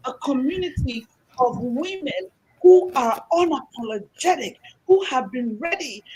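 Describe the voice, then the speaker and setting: A woman hosting a talk show, speaking in an animated, exhortative way to her audience. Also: sits high, rough recording. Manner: animated and exhortative, acting out quoted voices. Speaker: host.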